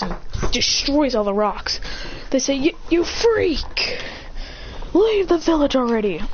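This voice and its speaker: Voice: medium pitch, dull audio, slight background noise. A storyteller eagerly retelling an improvised fan-fiction tale in tumbling run-on sentences, full of restarts and gasps.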